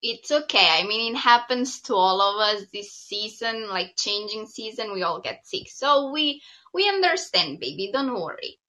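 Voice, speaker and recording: A woman co-hosting a podcast in casual chat, talking in a warm, chatty way with many fillers. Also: mid-range voice, expressive, normal speed, low-quality recording. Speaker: podcast co-host.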